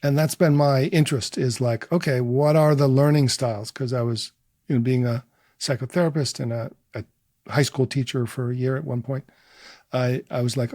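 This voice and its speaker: A man who teaches meditation, guiding listeners through a practice in soft, unhurried, searching phrases. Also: medium pitch, fairly even intonation, no room sound, studio quality. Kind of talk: guided meditation and explanation.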